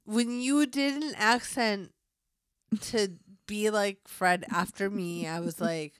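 A woman's voice: mid-range voice, slow pace, a bit bright, clear, resonant tone, no room sound. A young woman from California co-hosting a podcast in casual chat. She laughs often and pokes fun at herself. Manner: laughs often, self-mocking, jokey. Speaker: podcast co-host.

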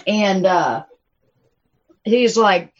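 Recorded on a phone with the highs cut off, a woman with a mid-range voice and drawn-out words chats casually with friends. She tells crude stories from her restaurant job, laughing a lot and acting out quotes.

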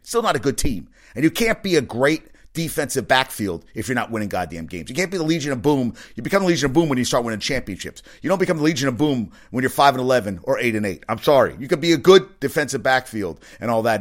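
A man's voice: medium pitch, lively intonation, fast talker, hardly any pauses. A middle-aged man hosting a sports podcast, rambling and swearing as he rants in casual talk. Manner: rambling, profane, riled-up ranting.

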